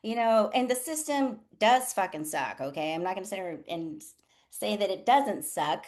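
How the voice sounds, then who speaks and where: With a medium-pitched voice at normal speed, a nurse coach hosts a laid-back live session. She's outspoken and profane, often laughing, and animated as she does voices for people she quotes.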